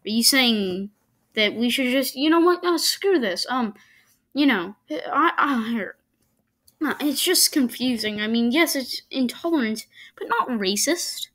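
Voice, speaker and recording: A woman commenting on clips in a casual, argumentative way. She speaks slowly and a little high, often stopping and starting over mid-sentence. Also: animated, a bit bright. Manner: halting, argumentative, many restarts. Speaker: video commentator.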